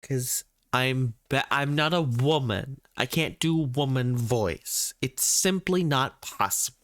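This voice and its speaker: A man's voice: mid-range voice, slow pace, a bit bright, slight background noise. A man streaming a video game, rambling through casual commentary in a goofy, exasperated way.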